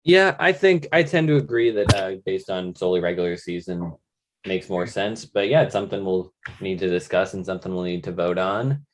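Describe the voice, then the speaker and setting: Low-voiced young man, hesitant chat. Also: fairly quick, noisy background. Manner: hesitant, searches for words. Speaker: podcast co-host. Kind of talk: casual fantasy league chat.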